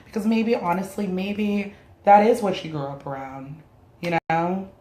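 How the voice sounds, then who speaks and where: A woman's voice: mid-range voice, fairly even intonation, unhurried, warm tone. A woman whose first language is Spanish, ranting her opinions to camera in a blunt, casual way and swearing freely. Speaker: vlogger. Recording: roomy echoey room sound.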